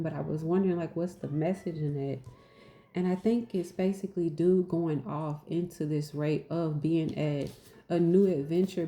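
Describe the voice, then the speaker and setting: A woman's voice: sits low, mellow, roomy sound. A woman giving a casual spiritual message, repeating her points for emphasis and calling herself goofy. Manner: repetitive, emphatic, asks "right?". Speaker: spiritual teacher.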